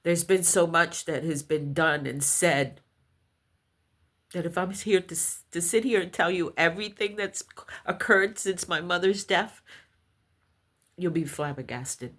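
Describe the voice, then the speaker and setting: A middle-aged woman vlogger telling a personal story slowly and with heartfelt intensity. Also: fairly low pitch, a bit bright. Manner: slow, heartfelt, intense retelling.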